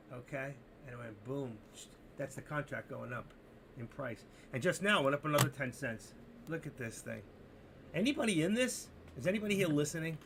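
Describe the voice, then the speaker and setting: Gravelly man day-trading live on stream. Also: medium pitch, background noise. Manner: talks to himself, swinging between excitement and frustration. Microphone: desk mic through streaming software.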